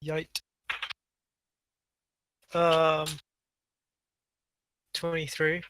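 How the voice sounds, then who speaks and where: A man playing a tabletop game talks slowly and hesitantly, pausing often to think. His voice is higher than most men's and bright, and the sound is dry. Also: monotone, a little hiss or hum, poor audio. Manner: hesitant, full of ums. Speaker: player.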